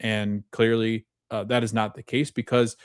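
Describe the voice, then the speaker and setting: Male podcast host, relaxed and thoughtful recap delivery, low pitch, dry close mic. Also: normal speed, clear, resonant tone, dry recording. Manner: casual, thoughtful, acts out quoted lines. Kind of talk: TV episode recap.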